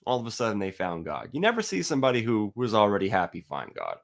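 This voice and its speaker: A man's voice: fairly low pitch, wildly swooping pitch, creaky. Blunt, profane man ranting. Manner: reads a passage aloud slowly. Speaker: atheist video host. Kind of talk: ranting monologue to camera.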